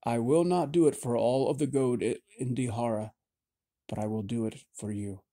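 A man's voice: mid-range voice, steady tone, moderate pace, dark tone, close to an everyday voice. A man reading an audiobook, voicing a frightened young woman seer in a raised, pleading, shaky voice. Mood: earnest. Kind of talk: audiobook character voice.

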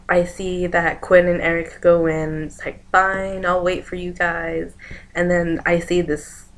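A young woman talks through a dream she had in a loose, rambling vlog style, stringing events together with "and then" and jumping into the voices of the people in it. Her voice sits a little low for a woman. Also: fairly bright tone, slight background noise. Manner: rambling, chains events with "and then", acts out quoted lines. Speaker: vlogger. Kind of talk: casual dream retelling.

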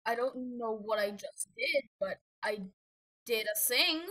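A woman's voice: fairly high pitch, unhurried, sharp tone, poor audio. A woman giving rambling, self-mocking commentary while playing a game, easily flustered. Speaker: gamer. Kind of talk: gameplay commentary.

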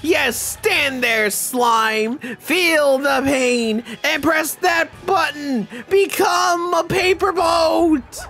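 A man voicing a cruel, theatrical demon from a video game, gloating over his victim with drawn-out taunts and shouts. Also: very high-pitched, creaky, faint music behind, pitched above the performer's own voice, heavily acted. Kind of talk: video game dialogue read-along.

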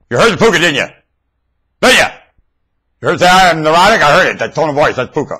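Erratic husky-voiced man rambling to webcam. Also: big pitch swings, quick pace, long pauses. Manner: erratic, swings between high shouts and low mutters. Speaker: vlogger. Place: at home in front of a webcam. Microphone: webcam microphone.

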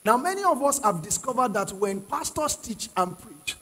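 Male pastor with a husky, high voice, preaching emphatically to a congregation; sound carries a long hall reverb. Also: very animated, normal speed, sharp tone. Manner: asks the congregation questions and prods them to answer; emphatic, repeats key phrases. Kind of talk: sermon. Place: church hall with live congregation.

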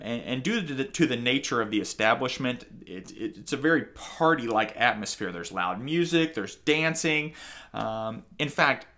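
Bright-voiced man reviewing a book. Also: medium pitch. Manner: conversational, frequent fillers and restarts. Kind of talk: casual spoken review.

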